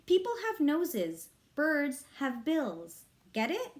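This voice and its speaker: A woman's voice: high-pitched, wildly swooping pitch, takes it slowly, pitched above the performer's own voice, exaggerated voice. A woman reading aloud, voicing an exasperated older boy who lectures his little brother. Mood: bossy. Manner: bossy, impatient. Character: boy of about twelve, exasperated big brother.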